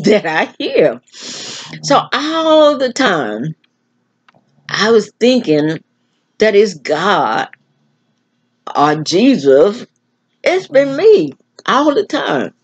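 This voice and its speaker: Slow, husky older woman musing aloud. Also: mid-range voice, lo-fi sound. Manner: slow, musing, with many restarts and filler words. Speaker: vlogger. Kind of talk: rambling casual monologue.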